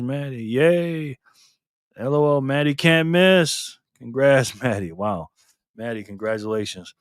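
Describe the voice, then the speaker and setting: A man's voice: medium pitch, moderate pace, no echo, clean studio sound. A man hosting a live stream in a casual chat style, reading viewer comments aloud, laughing often and cheering on players. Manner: laughs often, loose and playful.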